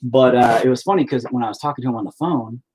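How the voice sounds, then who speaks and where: A man's voice: mid-range voice, fast talker, darkish tone, breathy edge. A middle-aged man telling rambling, profane stories in a laid-back way while painting. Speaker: painter and musician streaming. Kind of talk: casual storytelling while painting.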